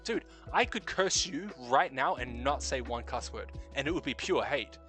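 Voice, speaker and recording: A man's voice: mid-range voice, expressive, moderate pace, pushed and bright, faint music behind. A young man with a New Zealand accent, hosting a casual late-night stream chat, swearing freely, laughing often and musing about life. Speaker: stream host.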